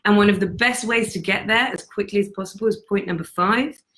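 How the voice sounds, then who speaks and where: A woman's voice: medium pitch, a little fast, a bit bright, poor audio. A woman life coach giving a blunt, profane motivational talk to camera, speaking emphatically. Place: on retreat in Bali.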